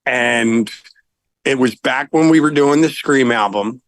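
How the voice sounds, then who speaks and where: A middle-aged man, a rock singer, telling anecdotes in a casual interview, animated and laughing now and then. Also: mid-range voice, a little slow, no echo, rough recording.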